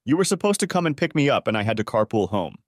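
A man voicing a tired, remorseful wife who pleads and apologizes in a softened, higher voice, with lively inflection. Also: fast talker, no echo, studio quality. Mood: tired, puzzled.

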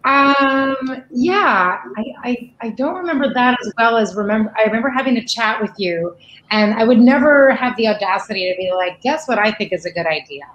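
A woman, an actress guest, chatting casually and telling stories with lively acted-out quotes. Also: a little high, normal speed, roomy sound, muffled recording. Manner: animated storyteller who acts out quoted lines. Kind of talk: casual panel chat.

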